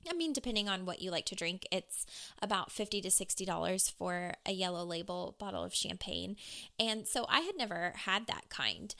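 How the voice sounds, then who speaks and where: A woman's voice: medium pitch, a bit bright, clear, resonant tone. Bubbly woman chatting on her podcast. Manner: bubbly, gushing, talks straight to listeners. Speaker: podcast host. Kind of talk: casual solo podcast chat.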